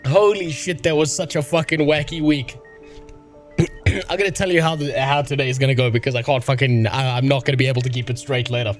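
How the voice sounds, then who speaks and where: Hosting a casual livestream chat, a sick and medicated streamer from South Africa rambles excitably and curses freely. He speaks fairly quickly at medium pitch. Faint music plays behind him.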